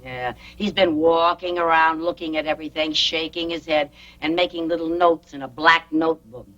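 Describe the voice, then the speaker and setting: An actress playing a cheeky, scatterbrained bank secretary who chatters eagerly and cracks jokes, on a muffled old TV soundtrack. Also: female voice, deep voice, fairly even intonation, normal speed, fairly bright tone. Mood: chatty. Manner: eager, chirpy, wisecracking.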